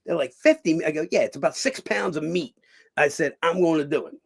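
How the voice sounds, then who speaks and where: Man, middle-aged, gravelly, animated storyteller, swears often. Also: on the high side, a little fast. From Philadelphia. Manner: animated, swears a lot, acts out quoted voices. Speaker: guest. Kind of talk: casual storytelling.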